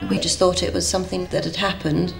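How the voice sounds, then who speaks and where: A mother talking in an interview, soft and halting. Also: on the low side, little pitch movement, creaky. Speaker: parent.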